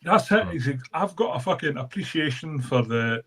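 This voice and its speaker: A rowdy man with a slightly raised pitch swears his way through a chat, laughing as he goes. A light hiss of background noise runs under his voice. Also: animated, normal speed, low-quality recording. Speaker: show regular. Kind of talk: casual chat on a live stream.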